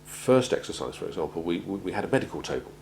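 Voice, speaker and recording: A man gives a measured talk on crisis planning, often pausing and repeating words as he goes. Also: deep voice, very animated, vocal fry, a little mellow, poor audio. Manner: measured, halting, repeats words while finding them. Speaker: presenter on organisational crisis planning. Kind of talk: prepared talk to an audience.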